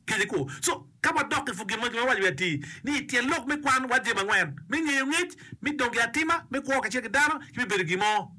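Emphatic high-voiced man. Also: animated, fairly quick, hardly any pauses, bright, forceful tone. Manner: emphatic, repeats phrases, checks in with "okay?" and "eh?". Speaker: speaker on education and community. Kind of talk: casual explanatory talk mixing English and a local language.

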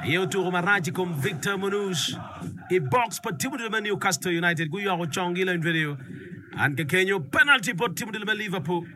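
A man doing excitable live football commentary, rapid and sing-song. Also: sits high, music in the background. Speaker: sports radio commentator.

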